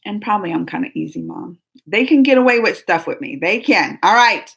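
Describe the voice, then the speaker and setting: A woman's voice: mid-range voice, sing-song, fairly quick, vocal fry, fairly bright tone. A woman hosting a casual live stream, chatting and rambling to viewers, laughing often. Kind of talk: casual live chat reading viewer comments.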